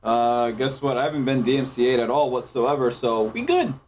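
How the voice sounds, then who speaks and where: A man running a tabletop game as game master, narrating outcomes dryly and deadpan. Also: medium pitch, brisk, a little hiss or hum.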